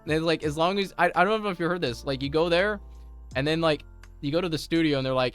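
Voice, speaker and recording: A man's voice: a little high, fast, clear, resonant tone, faint music behind. A man streaming from home, chatting casually with his viewers, rambling through stories with lots of laughter and restarts.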